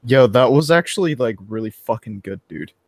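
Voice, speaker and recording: Man, mid pitch, lively swinging voice, dry sound; slangy hype. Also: moderate pace, dry recording. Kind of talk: casual voice chat banter.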